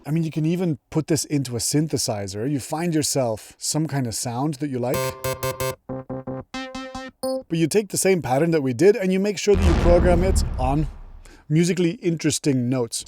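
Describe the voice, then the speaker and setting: A man's voice: on the high side, moderate pace. A man teaching music production in a casual, chatty tutorial, upbeat and enthusiastic. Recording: music playing behind.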